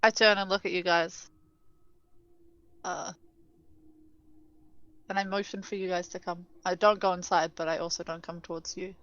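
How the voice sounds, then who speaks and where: A woman playing a tabletop game, describing her character's moves in a quick, playful way. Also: on the low side, little pitch movement, a bit bright, dry recording, highs cut off. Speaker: player. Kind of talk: tabletop role-play narration.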